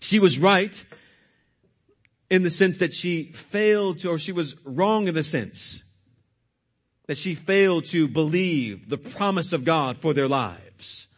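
A man's voice: on the high side, animated, slow pace. A male pastor preaching a sermon, retelling scripture expressively.

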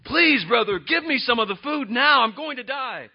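A starving, impulsive young man, as a preacher acts him out, begging in a raised, strained voice that climbs high and loud. He sounds breathy and husky, and the recording is dull and lo-fi. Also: huge pitch swings, a little fast, heavily acted. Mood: desperate pleading. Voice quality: pleading, frantic.

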